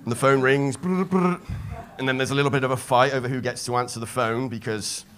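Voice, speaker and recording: A man doing a live stand-up set on a comedy club stage, deadpan asides into a handheld mic. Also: medium pitch, fast talker.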